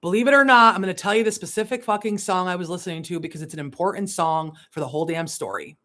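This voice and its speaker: A woman spiritual coach speaks at a quick pace in a voice on the low side during a candid livestream monologue. Her talk is full of laughing and swearing and alternates between hushed asides and emphatic bursts.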